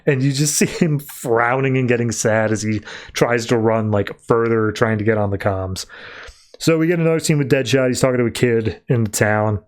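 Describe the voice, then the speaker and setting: A man's voice: mid-range voice, normal speed. Man casually recapping a comic book. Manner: loose, conversational retelling with many filler words. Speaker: podcast host.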